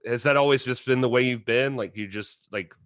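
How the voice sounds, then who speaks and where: A man's voice: medium pitch, a little fast, a bit bright, smooth, dry recording, studio quality. A man hosting a podcast, asking rambling, hesitant questions with lots of fillers. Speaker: podcast host. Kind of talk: casual interview chat.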